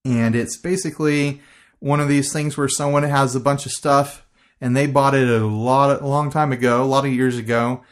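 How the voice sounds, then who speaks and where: A man's voice: mid-range voice, fairly even intonation, normal speed. A man co-hosting a casual guitar podcast, chatting loosely with fillers and easy laughs. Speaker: podcast co-host. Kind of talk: casual chat.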